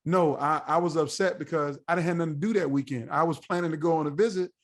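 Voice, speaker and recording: Animated storytelling man, slightly high voice. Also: quick pace. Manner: animated, acts out quoted voices. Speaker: podcast guest. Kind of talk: storytelling in a casual interview.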